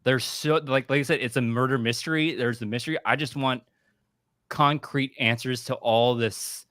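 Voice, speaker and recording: A man's voice: medium pitch, steady tone, normal speed, fairly bright tone, no room sound. A man co-hosting a casual podcast who stops and searches for his words. His voice sits mid-range, recorded dry and close. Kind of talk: casual live discussion.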